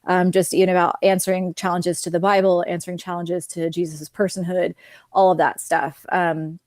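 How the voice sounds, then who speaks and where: A woman's voice: lowish voice, little pitch movement, moderate pace, a little mellow, no room sound, clean studio sound. A woman with a Californian accent, an author guest chatting casually over a video call, laughing often. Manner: chatty, giggly, many fillers. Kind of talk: casual interview chat.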